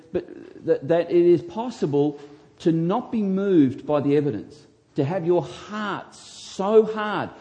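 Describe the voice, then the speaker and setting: A man, a pastor, preaching a sermon with emphatic delivery that swings from hushed to loud. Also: on the high side, highs cut off.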